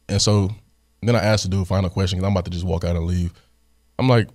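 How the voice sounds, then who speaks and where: Deep-voiced young man telling a story. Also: rapid-fire, no echo, studio quality. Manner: animated, sarcastic, laughs often. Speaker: podcast host. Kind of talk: casual storytelling and Q&A.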